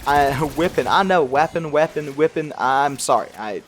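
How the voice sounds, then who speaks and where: A young man speaks a little high at a moderate pace, with a faint hiss or hum in the recording. He's a gaming YouTuber giving casual gameplay commentary, rambling and self-deprecating and laughing often, while trying to hide a slight regional accent.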